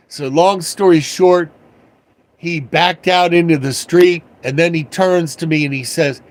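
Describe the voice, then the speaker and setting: An older man spinning slow, meandering stories on a live stream. His voice sits a little high for a man, and he talks in an unhurried, folksy, wry way. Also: steady tone. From Washington area, USA. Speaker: livestream host. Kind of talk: casual storytelling livestream.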